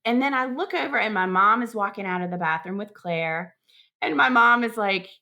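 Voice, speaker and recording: Bright-voiced woman telling a story. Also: mid-range voice, moderate pace, vocal fry. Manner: animated retelling, acts out sounds and quotes. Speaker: podcast guest. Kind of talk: emotional storytelling.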